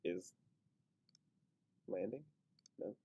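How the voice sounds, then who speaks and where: A man's voice: very slow, dark tone. A man teaching a grammar lesson in a casual way, thinking aloud and talking himself through his own mistakes. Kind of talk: screen-recorded grammar lesson.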